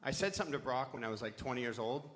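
A man's voice: mid-range voice, animated, very fast, a bit bright. A middle-aged man spins a long story for a live panel. He rambles, loses his thread and swears casually along the way.

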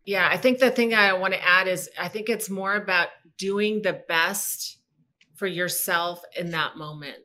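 A woman guest speaking in a relaxed interview, earnest and reflective about pushing herself. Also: fairly low pitch, unhurried. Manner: earnest, reflective, talks about self-discipline. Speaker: podcast guest. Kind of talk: casual conversation.

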